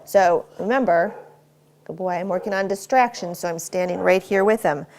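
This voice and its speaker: A woman's voice: on the low side, moderate pace, a little mellow, a little hiss or hum. A woman dog trainer working with a dog inside a house, explaining her method to viewers between short, firm commands to the dog. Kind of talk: instructional dog training demonstration.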